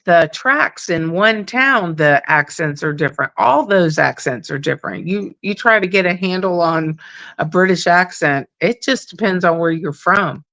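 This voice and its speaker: A woman's voice: on the low side, expressive, normal speed, a bit bright, dry recording. A woman with a Southern accent hosting a casual sports fan live stream, chatty and emphatic. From Florida. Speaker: stream host.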